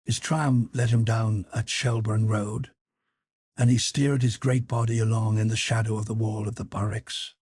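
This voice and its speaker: A man narrating a classic story collection in a measured, even storytelling manner. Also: on the low side, slightly rough, no room sound, studio quality. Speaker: audiobook narrator. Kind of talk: scripted narration.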